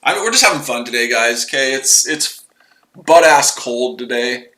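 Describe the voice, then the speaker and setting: A man's voice: medium pitch, lively intonation, moderate pace, bright, forceful tone, echoey room, rough recording. A man hosting a casual live trading stream, rambling and repeating himself as he explains his trades. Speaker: trading livestream host.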